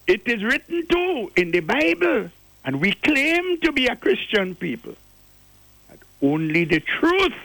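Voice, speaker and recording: A man's voice: high-pitched, a bit bright, no echo, low-quality recording. An older man from Grenada, calling in to a radio show with impassioned, preachy commentary and repeating key words for emphasis.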